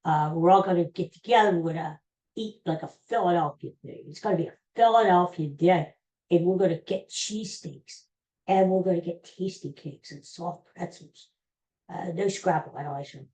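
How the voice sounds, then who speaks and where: A man's voice: high voice, moderate pace, darkish tone. An older man hosting a casual solo podcast, rambling and joking in a folksy way. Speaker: podcast host. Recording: roomy echoey room.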